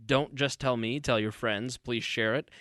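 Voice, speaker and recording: A man's voice: mid-range voice, fairly even intonation, a little slow, fairly bright tone, no room sound, clean studio sound. A man hosting a podcast, chatting casually and joking at his own expense. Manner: joking, self-mocking. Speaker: podcast host. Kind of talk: casual interview chat.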